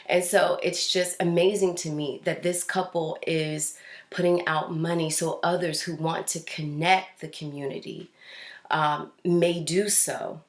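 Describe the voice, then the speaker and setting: A woman's voice: lowish voice, fairly even intonation, unhurried, reverberant. A woman hosting a casual news commentary show, talking in a chatty way with fillers and restarts. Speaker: host.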